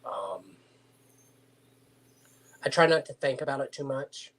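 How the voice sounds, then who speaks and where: A man's voice: mid-range voice, animated, fairly bright tone. A man in his forties telling personal stories in casual conversation, hesitant and full of fillers. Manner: slow, hesitant storytelling with many fillers.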